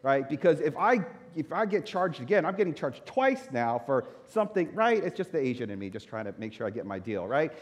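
A man's voice: a little high, brisk, few pauses. A man who is a pastor, telling a personal story in a sermon and acting out his own reactions. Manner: animated storyteller, acts out his own anger. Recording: echoey hall reverb.

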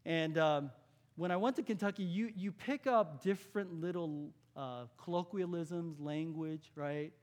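This pastor, a man from California, gives his sermon at a measured pace in a high-leaning voice. He keeps it conversational, putting questions to the congregation and hushing his voice for key points.

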